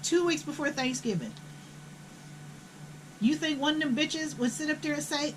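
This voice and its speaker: A woman's voice: high voice, expressive, unhurried, pauses often, slight background noise, rough recording. An older woman, telling a family story in a blunt, profane, indignant way. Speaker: host. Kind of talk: casual storytelling.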